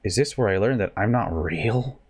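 A man giving casual gameplay commentary as a let's play host, joking in rambling asides and breaking into sudden excited outbursts. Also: fairly low pitch, normal speed.

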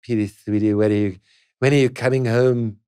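A man's voice: mid-range voice, steady tone, fairly quick, darkish tone, clean tone, no room sound, studio quality, close to an everyday voice. A man quoting his mother as she sweetly pleads on the phone, in his own everyday voice. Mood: pleading.

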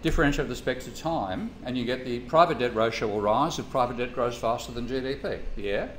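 A man's voice: medium pitch, brisk. Blunt man lecturing in an echoey room. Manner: blunt, anecdotal, swears casually. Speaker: economics lecturer. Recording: echoey room, faint ambient noise.

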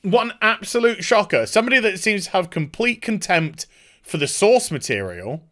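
A man's voice: high-pitched, big pitch swings, normal speed, fairly bright tone. Sarcastic man ranting. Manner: sarcastic, exasperated, swears. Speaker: YouTube commentator. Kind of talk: ranting commentary.

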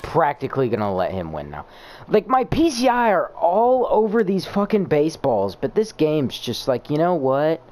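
A man's voice: a little high, wildly swooping pitch, moderate pace, a little mellow. A young man narrating his own video game in a stream of exasperated, profane complaints. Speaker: gamer posting gameplay. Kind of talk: live gameplay commentary.

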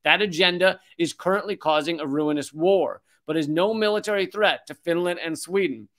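A man's voice: fairly high pitch, normal speed, fairly bright tone. A man in his forties hosting a political commentary show, reading an article aloud and breaking off into sarcastic, profane rants.

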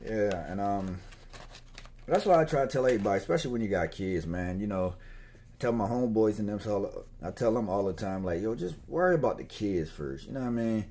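A man's voice: on the low side, a little fast, mellow. A man talking in a loose, slangy, meandering way while he chats casually to camera. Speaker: gun owner vlogger. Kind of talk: casual rambling chat.

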